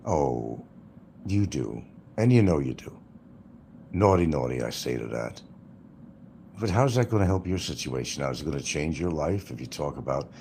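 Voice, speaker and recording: A man's voice: a bass voice, darkish tone, slight background noise. An older man hosting a livestream, rambling and mocking with crude, casual talk. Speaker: livestream host.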